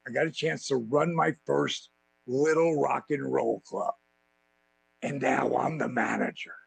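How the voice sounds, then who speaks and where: A man as a podcast guest telling profane, animated stories and acting out quotes. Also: mid-range voice, unhurried, creaky, husky, no echo, low-quality recording. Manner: animated, swearing freely, acts out quotes. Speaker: podcast guest, former wrestling champion. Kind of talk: profane storytelling in a podcast interview.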